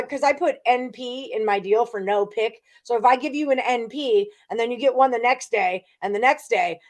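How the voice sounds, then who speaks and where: Chatty woman hosting a betting stream. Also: on the high side. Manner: chatty, laughs easily, greets viewers. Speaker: sports betting show host. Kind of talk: casual live-stream chat.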